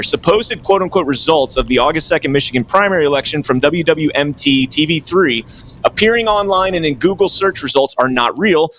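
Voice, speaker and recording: A man's voice: fairly high pitch, fairly bright tone, no echo. A man, a guest writer, giving casual political commentary in a rambling, explanatory way. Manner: rambling, explanatory, hedges with "you know".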